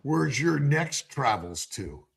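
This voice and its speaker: A man's voice: medium pitch, sing-song, slow, gravelly, husky. A man hosting a casual livestream chat as a doctor, talking animatedly and repeating words as he searches for them.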